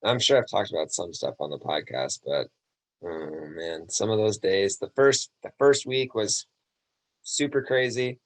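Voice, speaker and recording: A man's voice: on the low side, a little slow. A man on a podcast chatting casually in an easygoing, encouraging way. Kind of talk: casual chat.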